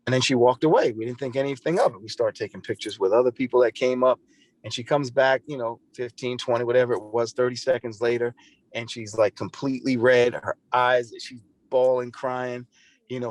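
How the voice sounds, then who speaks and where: A man appearing as a podcast guest earnestly tells a personal story in a conversational way, often repeating and restarting his phrases. His voice is mid-range with fairly even intonation and a moderate pace, on a dry recording.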